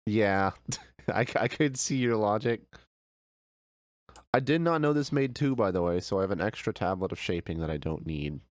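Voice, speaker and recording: A male streamer with a fairly low voice, talking through a game in a relaxed, chatty way and answering viewers as he plays. He speaks into a close mic with a dry sound. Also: normal speed, dry recording. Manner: easygoing, chatty, answers chat with frequent laughs. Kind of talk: casual gameplay chat.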